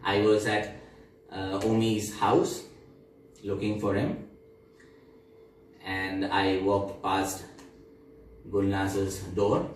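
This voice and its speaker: An actor playing a young man who fondly recalls crude childhood discoveries, speaking in slow, reflective storytelling. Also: fairly low pitch, monotone, slight background noise. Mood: wry nostalgic. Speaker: stage actor. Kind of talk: theatrical monologue. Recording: echoey room, mic far off.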